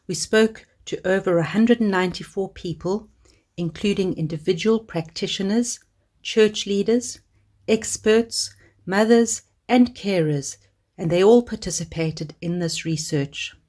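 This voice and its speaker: A woman reading a scripted documentary voice-over in a measured, earnest way. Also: medium pitch, a little mellow. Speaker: organisation spokesperson.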